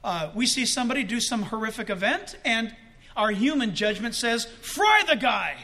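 A male pastor delivers a sermon in an unusually high, bright voice. He slows to a crawl on the words he wants to land, then rises again with emphatic energy. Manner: preaching with dramatic slowdowns and emphatic rises.

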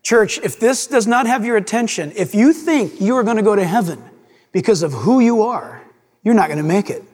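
A man's voice: high voice, lively intonation, normal speed, darkish tone, long reverb tail. A man preaching a sermon with dramatic delivery, acting out the voices of scripture figures.

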